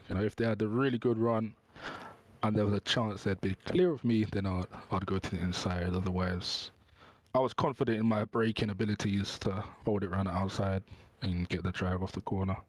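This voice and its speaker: Soft-spoken low-voiced racing driver man. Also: moderate pace. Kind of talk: post-race interview answers.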